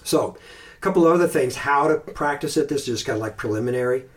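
A man hosting a podcast, talking casually and thoughtfully about Christian meditation, pausing and restarting, sometimes reciting phrases slowly. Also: mid-range voice. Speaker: podcast host.

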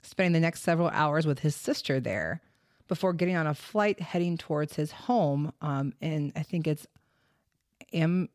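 A woman's voice: sits low, expressive, moderate pace, darkish tone, no echo. Chatty woman with a dry close sound. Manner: chatty, loose and swearing, with many fillers. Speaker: podcast host. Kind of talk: casual true crime podcast chat.

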